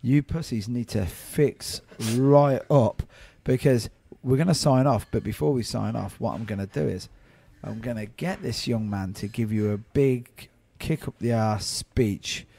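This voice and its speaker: A man's voice: medium pitch, a little slow, creaky, few pauses, mellow, slight background noise. A man hosting a podcast, brash and joking, swearing freely in casual interview chat. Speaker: podcast host.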